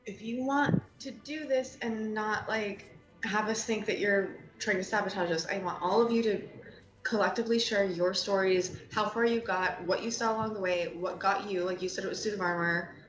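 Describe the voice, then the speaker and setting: A woman's voice: mid-range voice, normal speed, muffled recording, soft background music, natural voice. A woman playing a brash young satyr cheerleader, who swears, threatens and blusters. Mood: demanding. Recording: echoey room.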